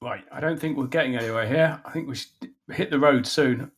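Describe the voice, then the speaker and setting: A man's voice: mid-range voice, brisk, husky. A man playing a tabletop game, casually planning a route with the group. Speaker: player.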